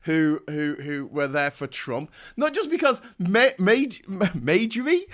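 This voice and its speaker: A male morning-show host talks through his commentary in a loose, teasing way. His voice sits high for a man, and laughter keeps breaking through his sentences. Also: animated, takes it slowly, a bit bright. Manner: chatty and mocking, often breaking into laughter. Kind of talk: casual satirical commentary.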